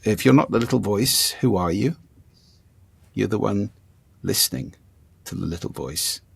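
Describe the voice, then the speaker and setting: An older man as an interview guest, explaining ideas in a demonstrative way and playing with his pitch and volume to show his points. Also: expressive, moderate pace, creaky, husky. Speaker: guest, speaking coach. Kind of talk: conversational interview.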